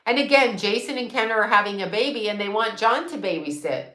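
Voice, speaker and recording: A woman's voice: mid-range voice, expressive, fairly quick, sharp tone, echoey room. A woman in her sixties hosting a casual livestream, reading viewer comments and chatting candidly, swearing freely and laughing often. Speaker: psychic and astrologer livestream host.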